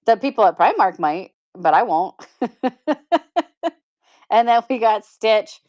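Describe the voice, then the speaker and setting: A woman's voice: mid-range voice, expressive, moderate pace, darkish tone. A woman hosting a live-stream pin auction, chatting casually and upbeat with viewers and laughing often. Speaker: live shopping seller.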